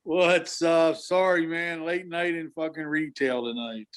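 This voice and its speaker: Guest man with a high voice telling blunt, swearing retail stories over a call. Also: measured pace. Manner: profane, animated storyteller. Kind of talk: casual podcast chat. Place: remote call.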